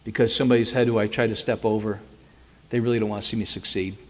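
A man's voice: lowish voice, quick pace. A man giving a personal testimony as dramatic first-person storytelling, animatedly acting out the dialogue. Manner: animated, acts out quoted dialogue. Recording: long hall reverb.

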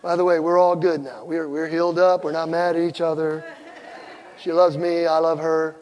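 A man preaching a sermon, telling a personal story in an animated way and acting out both sides of an argument. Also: fairly high pitch, moderate pace, big-room sound. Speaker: pastor.

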